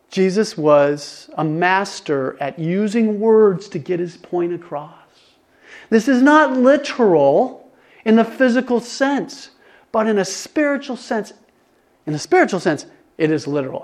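An older man preaching to his congregation in a conversational, animated way, often restarting his sentences and getting excited. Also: high voice. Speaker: pastor. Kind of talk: conversational sermon.

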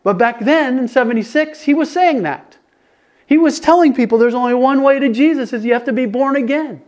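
An older man preaching to his congregation in a conversational, animated way, often restarting his sentences and getting excited. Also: very high voice, brisk. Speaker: pastor. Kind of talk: conversational sermon.

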